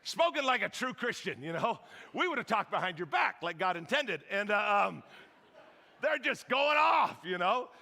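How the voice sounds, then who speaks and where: A man preaching a sermon as a pastor, telling a story in an animated, joking way and acting out the lines of the people in it. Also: high-pitched, moderate pace, gravelly. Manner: animated, joking, acts out quotes. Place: church hall. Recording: long reverb of a large hall.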